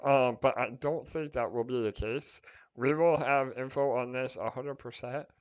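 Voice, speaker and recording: A man chats through community questions on a livestream call, reassuring and loose, with plenty of fillers and false starts. His voice is smooth and full. The call audio is a little muffled and lo-fi. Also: mid-range voice, fairly even intonation, normal speed. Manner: chatty, many fillers and restarts, reassuring. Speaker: project team host answering community questions. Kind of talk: casual livestream Q&A. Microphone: online call microphone with glitchy audio.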